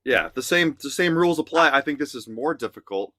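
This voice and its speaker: A man's voice: mid-range voice, animated, a little fast, bright, forceful tone, no echo, studio quality. A man co-hosting a reaction show as a songwriter, chatting casually and agreeing with short replies. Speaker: songwriter and co-host.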